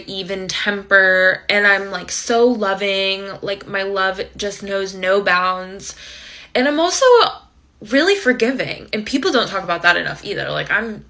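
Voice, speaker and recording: A woman voicing God as a blunt, short-tempered man who talks casual slang in a deadpan way. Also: medium pitch.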